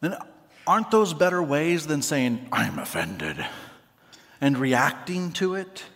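A man preaching as a pastor, earnest and emphatic, sometimes dropping to a soft, quiet voice for prayer, in a large church hall with a balcony. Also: fairly high pitch, unhurried. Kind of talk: sermon. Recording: long hall reverb.

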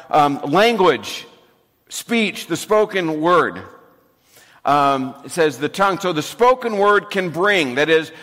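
A man preaching a sermon to his congregation, talking in a relaxed way with humor and dropping to a soft voice for emphasis. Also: on the high side. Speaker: pastor. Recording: reverberant hall recording.

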